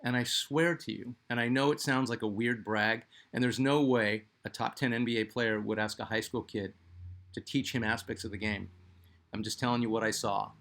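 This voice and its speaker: A man's voice: mid-range voice, fairly even intonation, moderate pace, fairly bright tone. A middle-aged man from Phoenix, hosting a sports channel and telling a personal story in a rambling, conversational way full of fillers. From Phoenix, Arizona, US.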